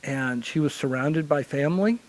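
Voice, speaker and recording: A man from Illinois who works as a hospital chaplain, telling lively stories to a forum audience. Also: a little high, moderate pace, low-quality recording. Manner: animated anecdotal storytelling. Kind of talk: conference panel storytelling.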